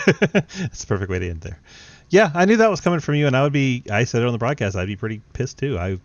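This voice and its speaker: A man's voice: mid-range voice, big pitch swings, fast talker, no echo, dull audio. A man hosting a sim racing broadcast, teasing and laughing with drivers in casual post-race interviews. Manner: laid-back, teasing, laughs often.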